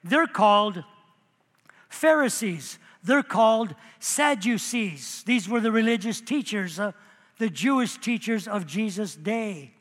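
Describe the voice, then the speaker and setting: Pastor man preaching, pretty high voice, lots of church hall echo, acts out the quotes. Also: lively intonation, takes it slowly, fairly bright tone. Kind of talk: sermon. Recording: long hall reverb.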